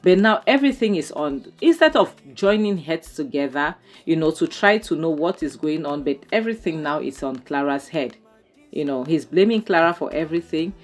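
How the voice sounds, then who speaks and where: A woman recapping a film episode in casual commentary. She sounds exasperated and fills her talk with "you know" and "um". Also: deep voice. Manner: exasperated, talks fast with many fillers and "you know". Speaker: movie reviewer.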